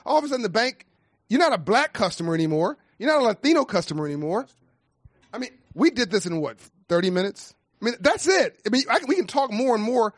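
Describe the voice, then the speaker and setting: Man, high-pitched, impassioned panel speaker with a rousing, repetitive cadence, very dry close sound. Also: no echo. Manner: emphatic, preacher-like cadence with repeated phrases. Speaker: nonprofit founder speaking on a panel.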